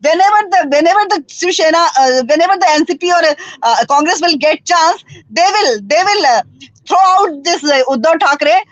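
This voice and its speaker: Woman on a panel, halting and repetitive, high voice, dry close sound. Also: expressive, no room sound, dull audio. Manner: halting, repeats words, mixes in Hindi. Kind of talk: political panel debate. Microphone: remote call with a poor network.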